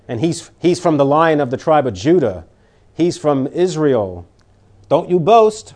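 A man preaching a sermon, reading scripture aloud and swinging between loud emphatic declarations and quiet warnings. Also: fairly high pitch, very animated, measured pace.

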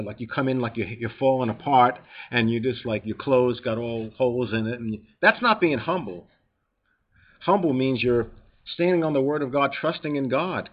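Man, New York accent, preacher, emphatic sermon, reads verses then explains casually, slightly muffled sound. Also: mid-range voice.

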